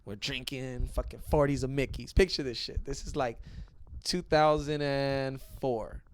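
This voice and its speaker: A young man telling a profane, animated story in a casual podcast chat. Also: mid-range voice, unhurried, slight background noise. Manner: profane, animated, acts out other people's voices. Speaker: podcast guest.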